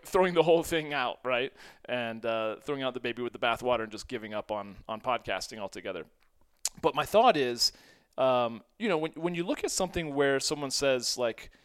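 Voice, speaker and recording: A man in his forties with a smooth, medium-pitched, slightly bright voice hosts a casual solo podcast monologue. He speaks loosely and conversationally, pokes fun at himself, and lets out short laughs between phrases.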